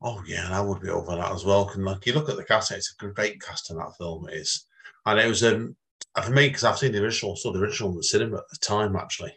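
A man's voice: deep voice, fast talker, creaky, bright, forceful tone. A man hosting an interview, asking long, rambling questions that repeat themselves. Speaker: podcast host.

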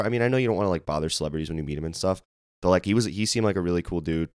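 A young man with a hoarse voice, co-hosting a casual sports podcast and rambling excitedly with many fillers. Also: deep voice, racing, no room sound, studio quality. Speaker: podcast co-host.

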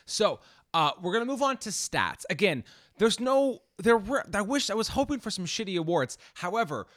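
Male podcast co-host, animated and expressive, mildly profane, slightly high voice. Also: normal speed, dry recording, studio quality. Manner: animated, swears casually, reads out stats. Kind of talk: casual movie podcast chat.

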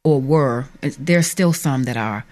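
A middle-aged woman, an author guest on a radio show, giving an earnest, halting personal testimony. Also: a bass voice, darkish tone. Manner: earnest, halting, emphatic at times. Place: radio studio.

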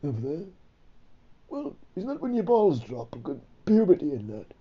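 A man's voice: a little high, huge pitch swings, measured pace, highs cut off, voice pushed up. A man voicing his own cheeky male alter ego, trading dry, mocking banter in a comedy podcast. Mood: teasing.

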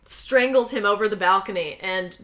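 A young woman co-hosting a casual podcast, animatedly recapping a film plot and acting out the characters' lines in high, loud voices. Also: normal speed. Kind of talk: casual chat.

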